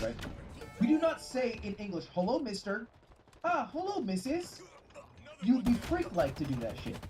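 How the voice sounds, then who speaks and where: A man streaming a game, telling a rambling, profane story in casual chat. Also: sits high. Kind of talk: casual storytelling while gaming. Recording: game gunfire noise under voice. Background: game gunfire and ambience.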